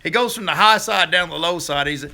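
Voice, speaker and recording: Host, middle-aged man, high and piercingly bright voice, folksy live-stream banter. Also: brisk, creaky. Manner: folksy, chatty, laughs easily. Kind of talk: casual live stream chat with viewers.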